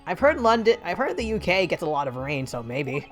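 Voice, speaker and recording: Woman streamer, casual game commentary, chatty, self-deprecating, lively pitch, lowish voice. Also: brisk, faint music behind.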